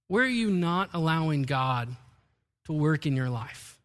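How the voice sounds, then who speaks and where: A high, bright-voiced man preaching a sermon from the pulpit. He tells stories with animated energy and acts out the lines he quotes. His voice carries a long hall reverb. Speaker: pastor.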